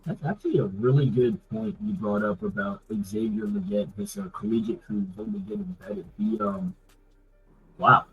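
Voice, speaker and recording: A man's voice: fairly low pitch, very animated, normal speed, creaky, narrow, tinny audio, soft background music. A man hosting a casual sports talk show, loose and rambling with many fillers. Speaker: podcast host.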